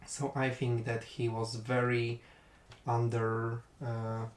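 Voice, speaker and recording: Male commentator, casual post-game chat, mid-pitched and halting, roomy recording. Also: monotone. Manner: thoughtful, hesitant with fillers, breaks into laughter.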